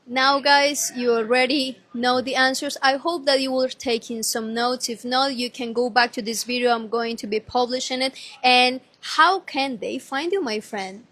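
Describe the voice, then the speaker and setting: A woman's voice: sits high, moderate pace, few pauses, a bit bright. A woman hosting a live interview show, affirming her guest and addressing her viewers encouragingly. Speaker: show host.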